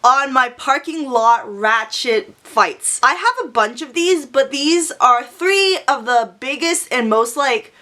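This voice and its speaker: A young woman telling a story on her vlog in a brash, profane, animated way. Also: sits high, takes it slowly, few pauses. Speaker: vlogger.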